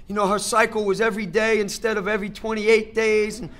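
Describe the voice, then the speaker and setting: A man's voice: sits high, level tone, fast, a bit bright. A middle-aged man speaking at a recovery meeting, giving a personal testimony in an emphatic, conversational way, repeating phrases for effect and talking straight to the crowd.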